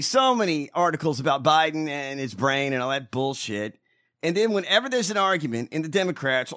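Man, podcast co-host, lively pitch swings, profane, ranting. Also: fairly quick. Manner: profane and animated, jumps to loud ranting. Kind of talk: casual profane chat.

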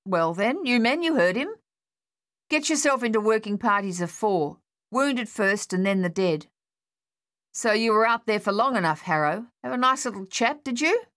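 A woman's voice: on the high side, lively intonation, moderate pace, a bit bright, no echo, studio quality, pitched above the performer's own voice. A woman voicing a short-tempered male army captain who snaps and barks orders. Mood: gruff, impatient. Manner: snapping, barked orders.

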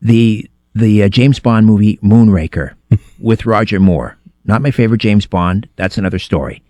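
Guest-hosting a late-night radio talk show, a middle-aged man chats and tells anecdotes, restarting as he goes. He speaks on the low side at a moderate pace with a darkish tone, captured on a studio microphone without echo.

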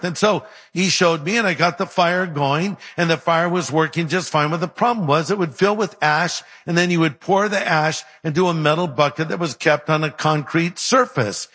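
A man from California preaching a sermon, telling stories with animated, humorous delivery. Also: fairly high pitch. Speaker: pastor. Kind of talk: sermon with storytelling. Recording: reverberant hall sound.

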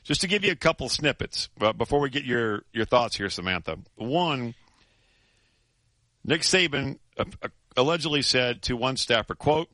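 A man hosting sports radio, telling a story in animated chat full of restarts and laughs. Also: mid-range voice, moderate pace, dry recording.

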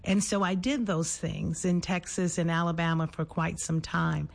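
A middle-aged woman from New Orleans, a nurse and public health administrator, speaking thoughtfully with frequent pauses and fillers in an interview. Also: fairly low pitch, fairly even intonation, vocal fry. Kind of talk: conversational interview.

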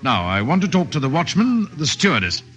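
Shrewd inspector, crisp, commanding, animated delivery. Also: male voice, on the high side, fairly quick. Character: brisk male police inspector, shrewd and commanding. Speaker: police inspector. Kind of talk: 1950s radio drama acting.

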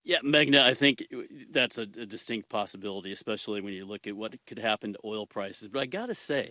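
A man's voice: lowish voice, fairly bright tone, no echo. A man answering interview questions as an energy market analyst, explaining in a conversational, emphatic way.

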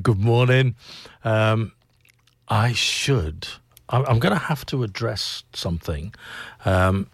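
Rambling English-accented radio host, low voice. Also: male voice, no room sound, studio quality. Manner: rambling and self-deprecating, with many restarts. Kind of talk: casual morning radio chat.

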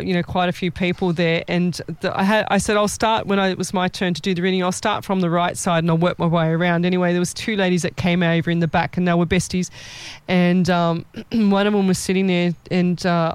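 A man with a notably high voice chats casually as a psychic medium, telling stories with animated energy. He slips into the voices of the people he quotes. The recording is dry with no room sound. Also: smooth, no echo. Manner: animated storyteller who acts out quoted voices. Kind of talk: casual live-stream chat and storytelling.

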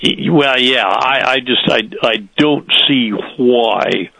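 A man speaking as a guest on a radio show, halting and stammering when he starts a point. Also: mid-range voice, gravelly, sharp tone, dry recording, low-quality recording. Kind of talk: radio interview.

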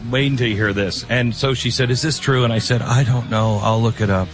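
A man's voice: medium pitch, steady tone, brisk, faint music behind. A man hosting a radio talk show, talking casually with lots of fillers, restarts and sarcastic asides. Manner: rambling, chatty, sarcastic asides. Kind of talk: conversational radio monologue and host-read ad.

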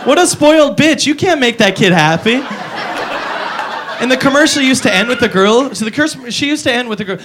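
A man's voice: extremely high pitch, expressive, brisk, background noise. A man doing a stand-up comedy set, telling crude stories with mocking quotes. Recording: live club, crowd laughter. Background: audience laughing.

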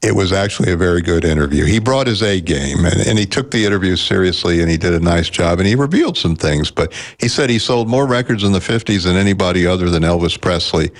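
Deep-voiced male radio host. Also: animated, quick pace, hardly any pauses. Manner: conversational, chatty, hesitant fillers. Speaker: radio talk show host. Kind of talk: radio call-in show.

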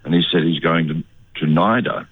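An older Australian man, an actor, telling stories in a relaxed, chatty radio interview over a muffled line. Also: rumbling low, normal speed, slightly rough, dry recording. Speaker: actor guest.

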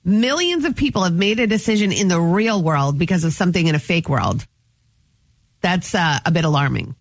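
A woman's voice: on the low side, expressive, fairly quick, no room sound. A woman co-hosting a radio show, chatting in an easygoing, conversational way. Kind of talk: casual radio chat.

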